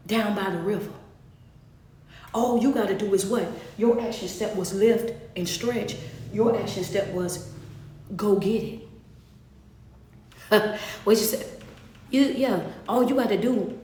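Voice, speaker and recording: A woman's voice: mid-range voice, takes it slowly, pauses often, dark tone. A woman giving a live-streamed motivational sermon, speaking emphatically and calling out to her viewers by name. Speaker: motivational speaker and life coach. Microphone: phone livestream. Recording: echoey room.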